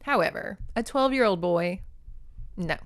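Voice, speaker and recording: A woman's voice: mid-range voice, animated, unhurried. A woman hosting a podcast, recapping a novel in casual chat, swearing often and reacting with feeling. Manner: profane, emotionally invested storytelling. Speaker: podcast host.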